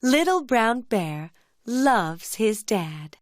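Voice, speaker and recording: A woman telling a children's cartoon story as narrator, in a gentle storybook manner. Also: fairly high pitch, very animated, very slow, over loud music.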